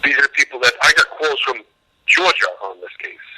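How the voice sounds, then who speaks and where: A man talks fast and emphatically as the guest in an interview, with a bright, forceful edge to his voice. He tells his stories in an animated way, acting out both sides of each conversation. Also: mid-range voice, slightly rough, low-quality recording. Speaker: animal rescue worker, guest. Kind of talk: interview, storytelling.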